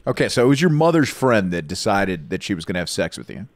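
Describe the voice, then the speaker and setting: A man co-hosting a podcast in casual chat, excitable and swearing freely. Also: fairly low pitch, fast, no room sound. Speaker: podcast co-host.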